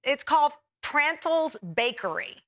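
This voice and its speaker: Hosting a daytime talk show, this woman speaks in a high, bright, forceful voice at an unhurried pace. She's chatty and enthusiastic, laughing as she tastes and praises the food, sometimes talking with her mouth full.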